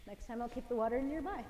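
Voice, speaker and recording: A woman's voice: a little high, long reverb tail, background noise. A woman fitness instructor coaching a home workout, encouraging and counting reps aloud while out of breath. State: out of breath, winded.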